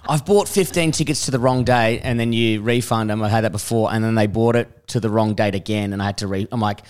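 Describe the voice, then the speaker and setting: A man's voice: fairly low pitch, fast, darkish tone, clean tone. A man co-hosting a casual podcast chat, jokey and a bit profane. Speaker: podcast co-host.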